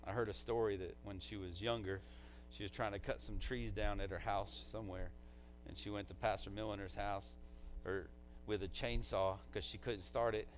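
A man's voice: on the low side, steady tone, normal speed, few pauses, slight background noise, rough recording. A man, a pastor, delivering a eulogy in a conversational, heartfelt way, often dropping in "man" as a filler.

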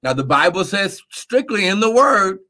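A man's voice: sits high, normal speed. A man preaching in a live Bible teaching, reading scripture, repeating words and calling for amens. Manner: animated, repeats words, asks amen.

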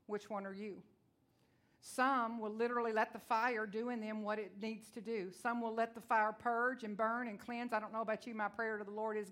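A woman's voice: a little high, steady tone, moderate pace, a bit bright. A middle-aged woman preaching a sermon to women, telling stories and acting out her own dialogue. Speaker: women's ministry speaker.

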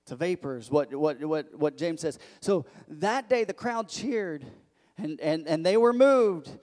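A man preaching a sermon as pastor, emphatic and repetitive, building to loud declarations. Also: fairly high pitch, lively intonation, measured pace. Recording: echoey hall.

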